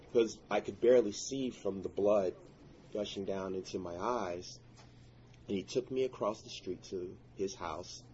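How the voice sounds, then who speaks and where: Earnest male storyteller, lowish voice, intense and prayerful; muffled recording with a light hiss. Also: a little slow, warm tone. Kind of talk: personal story told to listeners.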